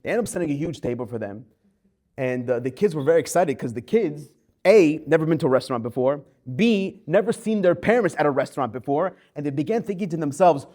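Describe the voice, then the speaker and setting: A man, a rabbi giving a Torah class, telling a story with lively acted-out quotes. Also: a little high, quick pace.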